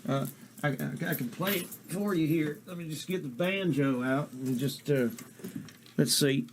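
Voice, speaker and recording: A man's voice: a little high, a little slow, a little hiss or hum. A man streaming casual, profane reaction commentary, incredulous and jokey, swearing freely.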